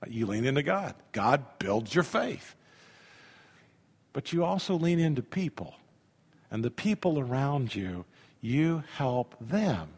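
A man's voice: mid-range voice, very animated, slow, long pauses, slightly rough. A man in his fifties, a pastor preaching a sermon with emphasis and leading his congregation in call-and-response. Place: church sanctuary. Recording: reverberant church hall.

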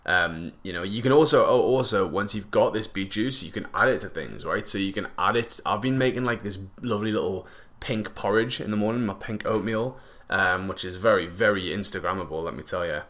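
A man's voice: fairly low pitch, brisk, hardly any pauses, fairly bright tone. A young man, chatting casually and jokily to camera, rambling with lots of fillers and slang. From northeast England.

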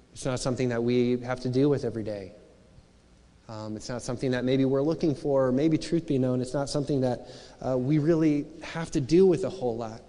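Preaching as pastor in a mellow, mid-range voice, a man talks conversationally and searchingly, posing rhetorical question after rhetorical question. The sound carries a long hall reverb.

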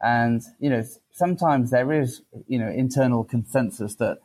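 A man's voice: medium pitch, normal speed, darkish tone, rough recording. A man hosting a podcast interview, talking casually with frequent restarts and fillers. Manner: hesitant, many fillers and restarts. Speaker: podcast host.

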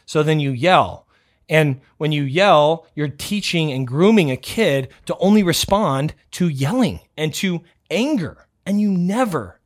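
A man with a slightly high speaking voice hosts a motivational podcast monologue. He talks bluntly and loudly, swearing freely and pushing his points with fired-up energy. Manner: loud, self-described yeller. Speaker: podcast host.

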